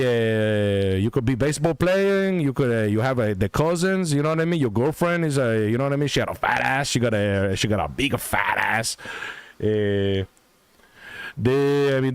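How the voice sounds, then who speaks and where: A man voicing an excitable male Puerto Rican real-estate hustler with a put-on Puerto Rican Spanish accent, mixing Spanish and broken English. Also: on the high side, clean tone, dry recording, voice pushed up, lightly acted.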